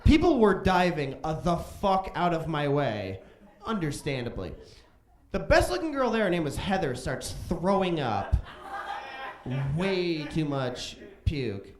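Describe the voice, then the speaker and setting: A man in his thirties from Chicago doing stand-up comedy on a club stage, telling profane stories and jumping into loud voices for quotes. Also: fairly high pitch, big pitch swings, a little slow. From Chicago, USA. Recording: roomy club stage echo.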